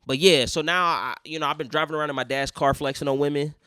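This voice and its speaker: Young man, profane casual storytelling, slightly high voice, dry close sound. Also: quick pace, clear, resonant tone, no room sound. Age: young adult. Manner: profane, animated, acts out other people in quotes. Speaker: podcast host.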